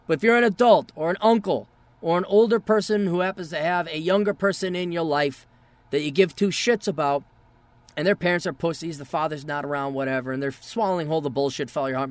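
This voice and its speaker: Male podcast host, high pitch, profane ranting monologue, dry booth. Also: dry recording.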